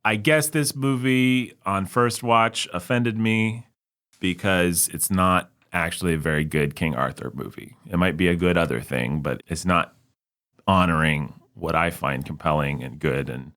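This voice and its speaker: Rambling low-voiced man, podcast co-host. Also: unhurried, a bit bright. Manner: rambling, self-mocking, mimics others in jokey voices. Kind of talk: casual movie-review chat.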